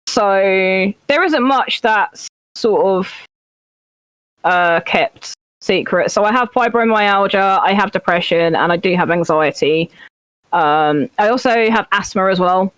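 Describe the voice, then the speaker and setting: A woman's voice: mid-range voice, fairly bright tone, clean tone, no room sound, rough recording. A woman guest on a casual interview, answering openly but hesitantly, with many fillers. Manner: hesitant, slow and open, with fillers and laughter. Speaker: interview guest, content creator.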